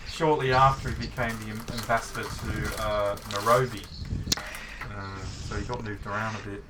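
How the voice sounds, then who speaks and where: A man's voice: fairly low pitch, steady tone, normal speed. A man with an Australian accent hosting a casual gaming chat, telling rambling anecdotes and laughing. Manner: rambling anecdotes, laughing, mimics voices in stories. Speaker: gaming channel host. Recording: distant mic with noticeable background noise.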